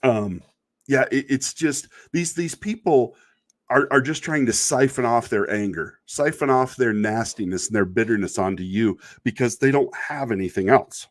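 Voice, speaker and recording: A middle-aged man hosting a video podcast talks casually about online commenters, meandering with wry exasperation and laughing at himself from time to time. His voice is medium-pitched and moderately paced.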